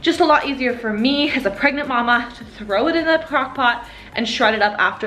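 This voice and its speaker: A woman's voice: fairly high pitch, brisk, a bit bright, slight background noise. A young woman, heavily pregnant and out of breath, chatting casually through a cooking vlog in her home kitchen, full of likes and ums. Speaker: vlogger.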